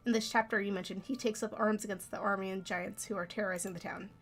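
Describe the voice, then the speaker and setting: A woman's voice: mid-range voice, fairly even intonation, fast, natural voice. A woman voicing a polite, earnest young male prince who speaks formally as he recounts events. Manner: courteous, formal storytelling.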